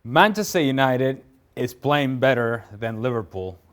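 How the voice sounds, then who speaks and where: Male football analyst, dry wry humor, mid-pitch voice, casual banter. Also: unhurried. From not from the UK. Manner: dry, wry humor, animated when making a point. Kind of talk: casual sports prediction chat.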